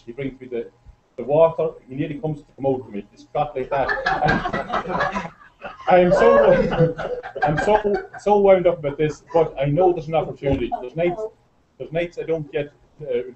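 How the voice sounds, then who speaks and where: A middle-aged Irish man giving a chatty, storytelling speech to a live audience, getting excited as he goes. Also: mid-range voice. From Ireland. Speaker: presenter at a business meeting. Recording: muffled lo-fi recording.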